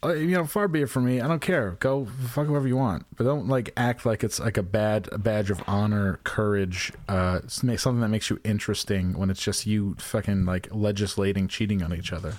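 Male podcast co-host, low register, dry sound, profane sarcastic rants. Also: steady tone, a little fast, few pauses, a little mellow, no room sound. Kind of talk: casual comedic chat.

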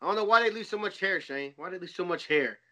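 A man, an animated storyteller who laughs easily in casual podcast chat. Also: sits high, quick pace. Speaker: co-host.

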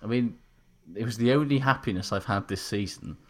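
A man's voice: lowish voice, fairly quick, fairly bright tone. A man co-hosting a podcast, talking in a wry, rambling way and laughing often. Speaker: podcast co-host. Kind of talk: casual banter.

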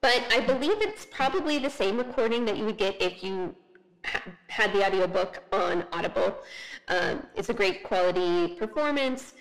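A woman's voice: medium pitch, animated, moderate pace, rough recording. A woman co-hosting a podcast in casual chat, talking with many "like" fillers and reading an author biography aloud. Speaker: podcast co-host.

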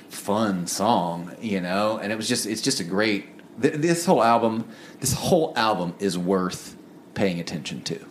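A man's voice: fairly low pitch, slight background noise. A man co-hosting a music review show, talking earnestly in a rambling way with many fillers. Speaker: podcast co-host. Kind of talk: casual music review chat.

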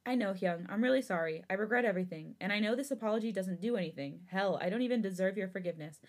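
A woman's voice: medium pitch, fast, lightly acted. A woman reading aloud as a young man who apologizes and explains himself, pleading and regretful. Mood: remorseful. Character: remorseful young man explaining his past hurt.

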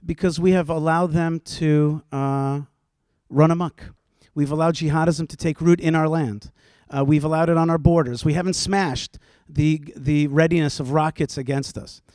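A man's voice: a little high, steady tone, moderate pace, darkish tone, no room sound, studio quality. A man, a rabbi on a panel, arguing passionately in front of a live audience, firing off rhetorical questions between frequent "uh" fillers. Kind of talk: impassioned panel argument. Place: stage before a live audience.

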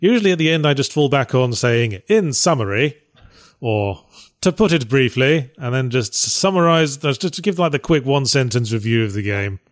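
A man's voice: mid-range voice, animated, normal speed. A man, hosting a casual chat about reviewing games in a dry, wry, matter-of-fact way. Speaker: podcast host and game reviewer.

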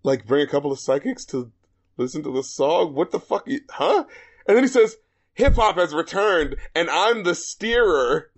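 Animated, laughing male co-host. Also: on the high side, normal speed, slightly rough. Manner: animated, laughing, mocking quotes. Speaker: podcast co-host. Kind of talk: casual album review chat.

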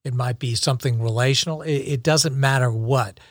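A man's voice: mid-range voice, normal speed, dry recording. Reflective male podcast co-host. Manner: reflective, encouraging, with frequent restarts. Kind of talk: casual podcast chat.

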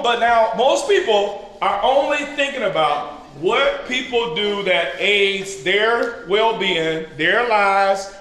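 A man preaching at a leader training, teaching through call-and-response and building to shouted peaks. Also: high voice. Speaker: pastor leading a leader training. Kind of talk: sermon-style teaching. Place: large church hall with an audience. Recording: echoey hall with crowd responses.

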